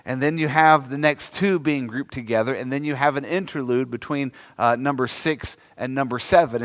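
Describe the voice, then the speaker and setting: A man's voice: medium pitch, a bit bright. A man with a Southern American accent preaching a sermon in a conversational teaching manner, stretching out repeated words for emphasis. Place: church sanctuary. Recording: long reverb of a church sanctuary.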